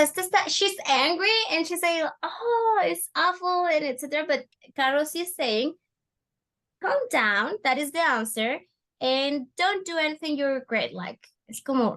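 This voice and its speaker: A woman teaching an online English class, animated and coaxing, repeating words for her students. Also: high-pitched. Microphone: video call.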